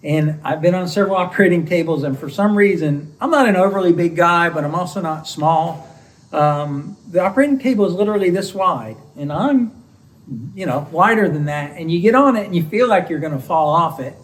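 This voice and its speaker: A man's voice: on the high side, fairly quick, recorded from a distance, rough recording. A middle-aged man, a homestead channel co-host, casually telling about his surgery with an easygoing, joking manner. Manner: easygoing, joking, chuckles between phrases. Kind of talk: casual recovery story vlog.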